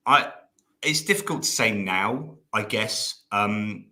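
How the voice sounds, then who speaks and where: A man talking as a guest on a live stream, halting with frequent restarts and fillers, emotional at moments. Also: on the low side, expressive, bright, forceful tone. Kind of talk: casual live-stream conversation.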